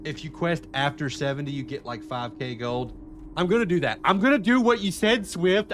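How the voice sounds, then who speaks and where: Profane, excitable man streaming a game. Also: on the high side, normal speed, soft background music. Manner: profane, excitable, talks to chat. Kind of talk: live-stream gameplay chat.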